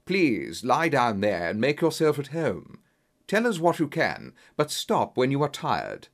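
A man voicing a calm, courteous male detective who speaks in a measured way. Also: mid-range voice.

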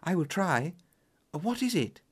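A man's voice: high-pitched, very animated, measured pace, slightly rough, pitched above the performer's own voice, full character voice. A man voicing a frightened young woman, a governess in an audiobook story, speaking anxiously and urgently.

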